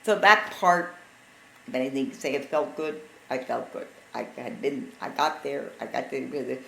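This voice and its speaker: A woman in her sixties telling family stories in casual conversation, lively and acting out what others said. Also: rumbling low, moderate pace, creaky. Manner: animated, acts out quotes of others. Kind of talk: casual storytelling. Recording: echoey room with faint background noise.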